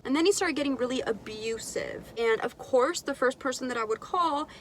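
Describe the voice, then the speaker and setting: A young woman telling a personal story in a candid, animated, profane way on her vlog. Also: sits high, normal speed, a little hiss or hum. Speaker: vlogger. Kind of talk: casual storytime.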